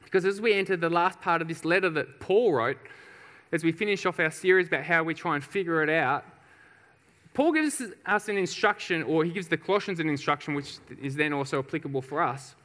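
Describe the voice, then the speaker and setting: A man preaching a sermon, telling a personal story with laughs and acted-out shouts. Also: fairly high pitch, fairly quick. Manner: lively storyteller, laughs often, acts out shouts. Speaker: pastor. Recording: reverberant hall.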